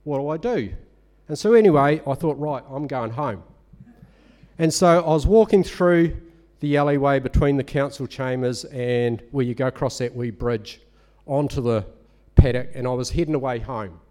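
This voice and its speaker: Warm-voiced New man preaching. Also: mid-range voice, moderate pace. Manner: conversational storytelling, animated. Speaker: lay preacher. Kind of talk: sermon.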